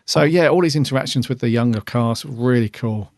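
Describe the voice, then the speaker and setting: Guy with a gravelly voice rambling through a show review, lots of ums, dry close mic. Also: mid-range voice, brisk, a little mellow, no echo. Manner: chatty, rambling with many ums. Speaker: podcast co-host. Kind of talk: casual review chat.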